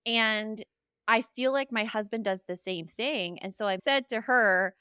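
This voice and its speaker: A woman hosts a parenting podcast in a relaxed conversational way. She talks in a mid-range voice with lively asides. The recording is close and dry. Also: a little high, smooth, dry recording. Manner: animated, laughs often, quick asides. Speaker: podcast host. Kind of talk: casual podcast chat.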